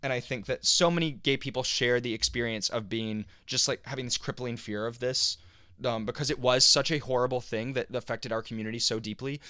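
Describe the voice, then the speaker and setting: A young man co-hosting a podcast, telling a personal story in an animated, halting way with lots of fillers. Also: medium pitch, dry recording, clean studio sound. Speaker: podcast co-host. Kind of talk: casual storytelling chat.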